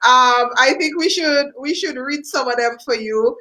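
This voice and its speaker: A woman's voice: high-pitched, a little slow, bright, forceful tone, poor audio. A woman co-hosting a radio show, cheerfully reading out listener comments. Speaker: radio co-host.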